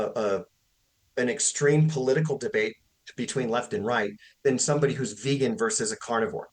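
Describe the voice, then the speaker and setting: This is a man in his forties talking as a podcast guest. He is a fitness coach with a passionate, opinionated manner and leans hard into his points, at an average pitch. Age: 40s. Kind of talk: podcast interview conversation.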